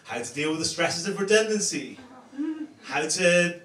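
A man performing a stand-up comedy set on a club stage, with a deadpan, self-mocking delivery full of swearing. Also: sits high, moderate pace. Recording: echoey room, distant mic, loud crowd noise.

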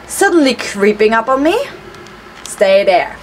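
A young woman vlogging casually as she unwraps gifts, gushing and excitable and swearing freely. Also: on the high side, measured pace, slight background noise. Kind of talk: casual unboxing vlog.

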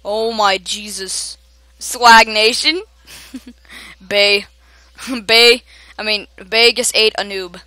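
A young woman giving excited gameplay commentary, often shouting at other players and laughing. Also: medium pitch, very slow, pauses often, dry recording. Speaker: gamer.

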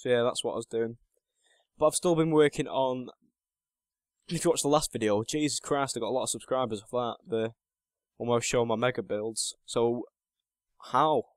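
Chatty teen gamer, dry sound. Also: male voice, mid-range voice, fairly even intonation, normal speed, long pauses, no echo. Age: late teens. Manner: chatty and self-mocking, muttering to himself while playing. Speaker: gaming channel host. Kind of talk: casual gameplay commentary.

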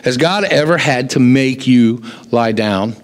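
A pastor preaching a sermon, telling stories and acting out the voices of the people in them. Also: male voice, mid-range voice, measured pace. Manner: animated storyteller, acts out quoted voices. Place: church sanctuary. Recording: long hall reverb in a church.

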